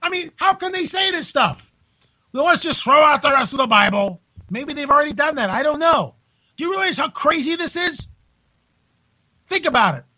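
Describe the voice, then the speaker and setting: A man hosting a call-in radio show, talking in an incredulous, exclaiming way with quick asides, from home. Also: extremely high pitch, lively intonation, bright, forceful tone, dry recording, low-quality recording. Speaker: radio talk show host.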